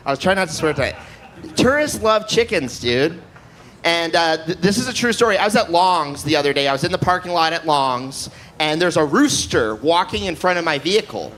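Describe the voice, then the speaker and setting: Man stand-up, high voice, chill and chatty, live stage set. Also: fairly bright tone, a little hiss or hum. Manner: laid-back, says "dude" a lot. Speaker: stand-up comedian. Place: live comedy show stage.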